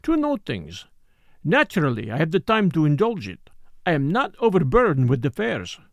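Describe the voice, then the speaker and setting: A man voicing a fussy, complacent little male detective who speaks softly with mock modesty. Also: fairly high pitch, wildly swooping pitch, normal speed, creaky, dry recording, clean studio sound, full character voice. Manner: soft, murmuring, mock-modest.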